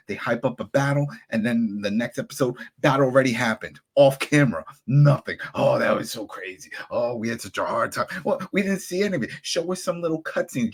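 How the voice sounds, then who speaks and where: A man hosting a podcast, ranting angrily and animatedly with sudden jumps in pitch. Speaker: podcast host. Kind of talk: heated podcast rant.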